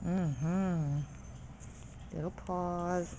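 A woman talking to her puppies in soft, affectionate baby talk while filming them. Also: on the low side, steady tone, slow, slight background noise. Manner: soft, affectionate, sing-song. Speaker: dog breeder showing puppies.

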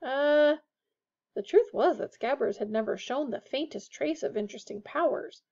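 A woman narrates a storybook aloud with a steady, expressive delivery. Her voice sits a little high, and the recording sounds dull and lo-fi. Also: a little fast, creaky, husky. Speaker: audiobook reader.

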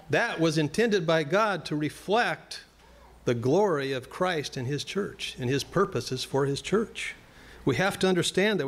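A male pastor preaching a sermon in a church, earnest and plain-spoken, turning now and then to address the congregation directly. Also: on the high side.

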